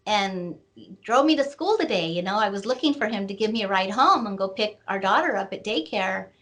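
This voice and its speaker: Woman author in an interview, talks slow with lots of ums, mid pitch. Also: animated, fairly bright tone. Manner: slow, reflective, with many fillers. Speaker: author and guest. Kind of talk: personal storytelling interview.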